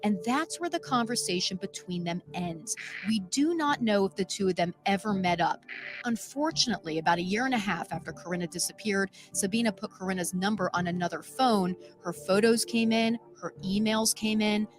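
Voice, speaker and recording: A woman reading scripted documentary narration in a measured, even way. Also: medium pitch. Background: music bed.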